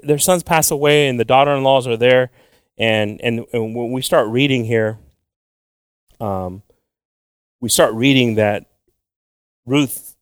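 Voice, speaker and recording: A young man teaching from the Bible with animated emphasis, switching between English and Spanish and repeating words as he goes. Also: medium pitch, smooth, no room sound. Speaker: preacher.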